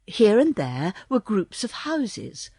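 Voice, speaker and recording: A woman reading a children's storybook aloud as audiobook narrator, slow and expressive. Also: medium pitch, breathy edge, no room sound, clean studio sound. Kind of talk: scripted narration.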